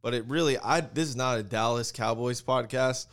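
Guy cohosting a football podcast, casual and wry, quick jokey asides. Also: mid-range voice, fairly bright tone. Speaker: podcast co-host. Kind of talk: casual sports chat.

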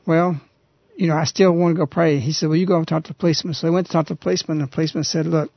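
A man hosting a radio talk show, earnestly retelling a story in a halting, conversational way. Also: fairly high pitch, steady tone, creaky, no room sound. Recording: dull, lo-fi radio recording.

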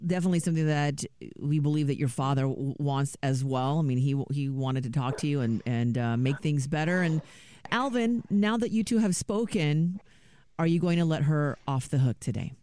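A man hosting a morning radio call-in segment, speaking in a gentle, measured way with some hesitant phrasing. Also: a little high. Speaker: radio show host.

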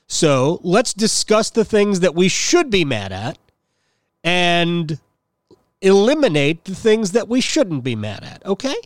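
A man's voice: high-pitched, very animated, slow, dry recording, studio quality. A man hosting a sports podcast, giving a blunt, opinionated monologue with sarcastic jabs at his listeners. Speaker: podcast host.

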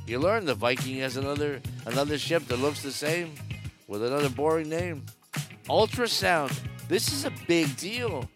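A man's voice: fairly high pitch, lively intonation, normal speed, over music. A man giving casual, wry cruise news commentary from aboard a ship, joking sarcastically. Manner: chatty and wry, jokes sarcastically.

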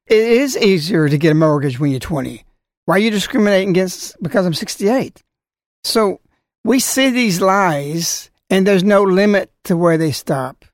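A man's voice: high voice, no room sound, studio quality. A man giving a scolding religious talk, full of rhetorical questions and warnings. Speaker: religious speaker. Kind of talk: preaching talk.

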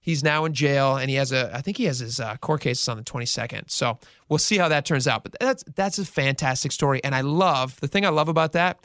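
A male radio host telling a news story in casual, animated talk and acting out the quotes. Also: mid-range voice, fairly quick, few pauses, no echo, studio quality.

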